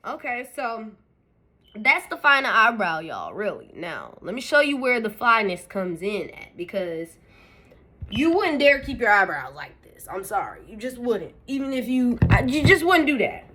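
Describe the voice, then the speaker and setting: Lively, chatty woman teaching makeup. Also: a little high, normal speed. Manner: chatty, playful, talks straight to viewers. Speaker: makeup tutorial host. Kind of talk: casual step-by-step tutorial talk.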